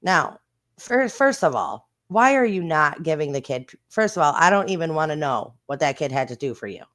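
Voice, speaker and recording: Livestream host, casual commentary, blunt, indignant, mild swearing, chats to viewers, mid-pitched voice. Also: sing-song, normal speed, fairly bright tone. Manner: chatty, talks straight to the viewers.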